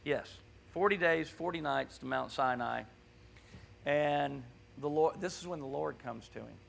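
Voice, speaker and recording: A man preaching a conversational sermon in a church, animated and often checking in with his listeners. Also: a little high, measured pace, creaky. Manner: animated, keeps asking "right?".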